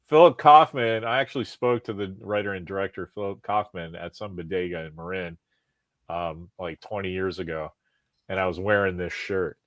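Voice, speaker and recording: A man hosting a podcast, talking in a rambling, profane, animated way with lots of restarts. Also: deep voice, moderate pace, dry recording. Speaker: podcast host. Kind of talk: casual chat.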